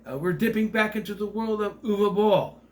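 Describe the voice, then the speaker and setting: A man's voice: sits high, moderate pace. Rambling sarcastic man reviewing movies. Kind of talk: casual movie review vlog.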